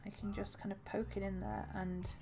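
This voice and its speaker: A woman talks through her crochet work on a live stream in a relaxed, chatty way. She laughs easily between remarks. Faint music plays softly behind her. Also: medium pitch, moderate pace, vocal fry. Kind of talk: casual live-stream chat while crocheting.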